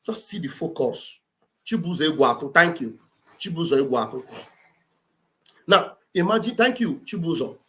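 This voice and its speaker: Igbo-accented nigerian woman ranting on a livestream, bright sharp voice, keeps going "eh?". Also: low-pitched, expressive, moderate pace, pauses often. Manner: fiery and rhetorical, rising to shouts, keeps asking "eh?". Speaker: livestream host. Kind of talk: impassioned political commentary.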